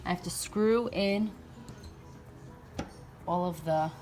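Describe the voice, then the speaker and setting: A renovation vlogger talks to the camera as she fixes up and paints a front door, keeping her casual DIY chat upbeat and talkative. Her voice is on the low side with a darkish tone, and she takes it slowly while faint music plays behind her.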